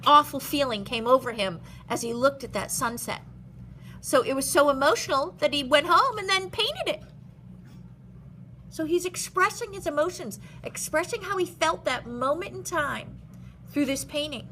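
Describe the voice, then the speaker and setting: A woman art teacher leading a step-by-step drawing lesson for young children, animated and expressive, explaining in simple words. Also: sits high, moderate pace, slight background noise.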